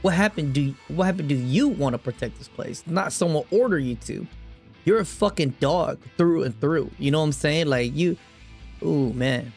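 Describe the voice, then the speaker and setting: A man's voice: a little high, lively intonation, normal speed, darkish tone, slightly rough, faint music behind. A young man streaming a game, reacting heatedly to the story and talking to chat in a profane, rambling way. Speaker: gaming streamer. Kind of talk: live reaction commentary to chat.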